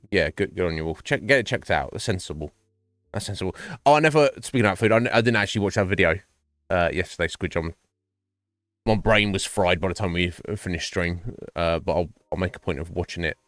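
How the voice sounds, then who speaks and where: A man's voice: low voice, fairly bright tone, no echo. Laughing man chatting on stream. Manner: rambling, laughs often, swears. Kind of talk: casual chat with viewers.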